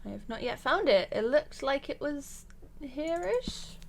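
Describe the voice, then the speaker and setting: A woman's voice: sits high, sing-song, a little slow, gravelly, slight background noise. A woman chatting casually as she plays through a video game, thinking aloud and rambling a little. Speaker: let's play gamer. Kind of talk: casual gameplay commentary. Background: game music and horse hooves.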